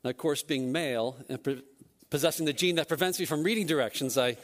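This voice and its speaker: A man, a church elder, telling a personal story during a service in a self-deprecating, animated way. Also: fairly high pitch, quick pace.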